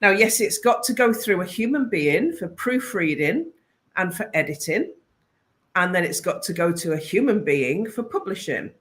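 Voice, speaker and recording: A woman's voice: lowish voice, expressive, normal speed. A woman, a business consultant, talking casually and enthusiastically to viewers during a live stream, sometimes breaking off mid-sentence. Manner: chatty and enthusiastic, self-interrupting.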